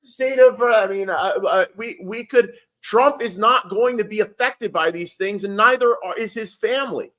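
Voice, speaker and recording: A man's voice: sits high, normal speed, few pauses, a bit bright. A man giving rambling, heated political commentary on a casual livestream, swearing and restarting often.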